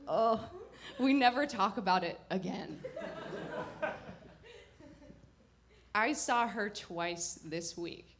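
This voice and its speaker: A woman telling a personal story at a live performance, wry and reflective, with halting pauses. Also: on the high side, expressive. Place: live performance before an audience.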